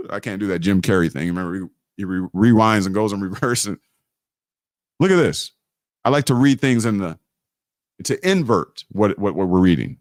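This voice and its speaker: A man's voice: on the low side, dry recording, clean studio sound. A man hosting a live online teaching, preaching about law and scripture with emphatic repetition and frequent restarts. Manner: preachy, emphatic, repeats key phrases. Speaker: host of a live teaching stream.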